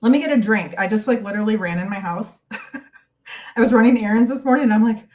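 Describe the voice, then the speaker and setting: A woman's voice: medium pitch, brisk, darkish tone, distant mic. A woman hosting a casual live stream Q&A from home, chatty and bubbly as she greets viewers by name, a little out of breath. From United States. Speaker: YouTube host.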